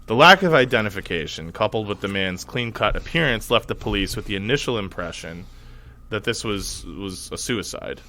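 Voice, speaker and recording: Rambling low-voiced podcast guy. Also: lively intonation, moderate pace, bright, forceful tone, a little hiss or hum. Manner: rambling, filler-heavy, laughs easily. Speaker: podcast co-host. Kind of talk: casual chat.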